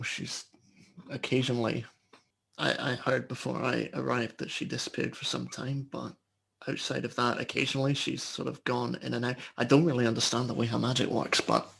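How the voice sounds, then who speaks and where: A man with a gravelly, husky voice, playing a tabletop role-play game. He speaks hesitantly and thinks aloud. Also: mid-range voice, moderate pace. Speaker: player.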